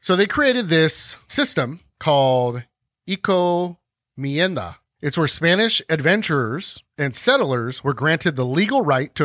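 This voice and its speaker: A podcast host, a man with a slightly high, very lively voice, talks through history in a loose, ranting way. He keeps slipping into little acted-out scenes. His voice sounds dry and close. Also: no room sound. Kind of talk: casual history discussion with comic asides.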